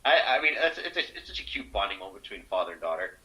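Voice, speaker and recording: Bright-voiced man, enthusiastic podcast chat. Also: on the low side, sing-song, very fast, low-quality recording. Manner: enthusiastic, swears freely, fills speech with "like". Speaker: podcast co-host. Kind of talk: casual chat.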